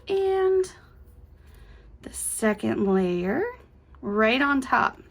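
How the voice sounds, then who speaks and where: A woman's voice: on the high side, expressive, moderate pace, fairly bright tone. A young woman, hosting a quilting tutorial in an upbeat, chatty way with playful little asides. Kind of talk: casual step-by-step tutorial.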